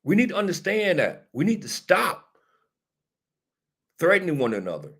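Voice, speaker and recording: This talk show host speaks in a high, husky, fairly bright voice with huge swings in pitch, at a normal speed. Hosting casual political commentary, he addresses a live audience and responds to viewers, preaching his points emphatically and repeating them like a sermon.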